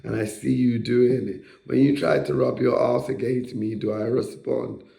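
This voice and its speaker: A man's voice: medium pitch, steady tone, normal speed, creaky, warm tone. A man on a hospital ward, angrily ranting at a staff member, swearing and repeating rhetorical questions. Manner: angry, profane, repeats himself, rhetorical questions. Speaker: psychiatric ward patient. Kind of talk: confrontational rant at a staff member. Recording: echoey room.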